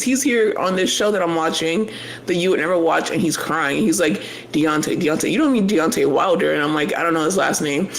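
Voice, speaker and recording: A man's voice: fairly high pitch, a little fast, gravelly. A man co-hosting a casual podcast, telling stories with lots of acted-out quotes and slang. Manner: animated storytelling, acts out quoted voices. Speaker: podcast co-host. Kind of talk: casual chat.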